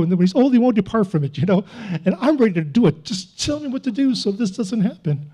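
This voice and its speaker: High-voiced pastor telling an earnest testimony. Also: male voice, lively intonation, quick pace, mellow. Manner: earnest, confessional storytelling with self-mocking chuckles. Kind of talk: personal testimony in a sermon.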